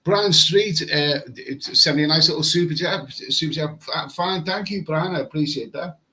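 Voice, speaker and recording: A travel vlogger chats casually on a live stream from his air-conditioned hotel room, rambling and repeating words while reading comments. His voice is a little high, bright and forceful, at a moderate pace, in a low-quality recording.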